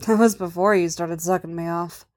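A woman voicing a hardened male bounty hunter in an audio story, speaking his lines low and hushed. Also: fairly even intonation, moderate pace, close to an everyday voice.

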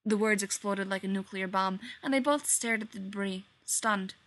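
A woman reading fiction aloud in an expressive, animated storytelling manner. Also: medium pitch, moderate pace. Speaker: reader.

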